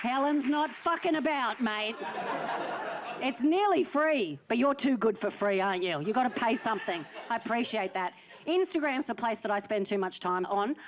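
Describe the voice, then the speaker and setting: A woman's voice: a little high, expressive, normal speed, a crowd in the background. Cheeky comedian in her forties. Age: early 40s. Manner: cheeky, teasing banter with an audience member. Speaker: stand-up comedian. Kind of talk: live stand-up with crowd work. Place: theatre stage before a live audience. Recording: noisy live theatre recording.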